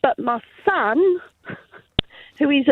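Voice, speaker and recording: A woman's voice: high voice, expressive, slow, a little hiss or hum. A woman with a Kent accent calling in to a radio show, chatty and laughing as she tells stories about her family. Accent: Kent (Medway). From Chatham, Kent, England. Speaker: caller. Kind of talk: phone-in call. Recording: tinny phone line.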